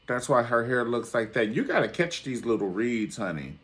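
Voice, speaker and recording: A man's voice: mid-range voice, sing-song, normal speed, hardly any pauses, fairly bright tone. A man reviewing a reality show in a sassy, theatrical way, calling everyone honey. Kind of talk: casual commentary video.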